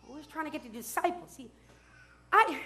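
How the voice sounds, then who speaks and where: A middle-aged woman pastor preaching a sermon in church, building to shouts and drawing call-and-response from the congregation. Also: sits high, a little fast.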